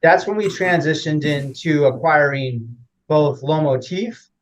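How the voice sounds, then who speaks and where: A man's voice: fairly high pitch, moderate pace, a little hiss or hum, poor audio. A man as an interview guest, explaining at length in a rambling casual way with frequent fillers and restarts.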